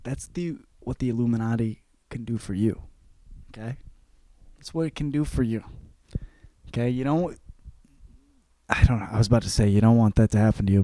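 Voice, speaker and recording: A man's voice: medium pitch, darkish tone, no room sound. A young man hosting a podcast and ranting for laughs, profane and rambling, often breaking into mocking voices. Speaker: podcast host. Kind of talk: comedic rant.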